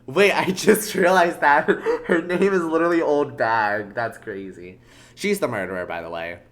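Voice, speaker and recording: Playing through a game, a woman streamer chats playfully, mocking herself and laughing often. Her voice is low-pitched and her pace is moderate.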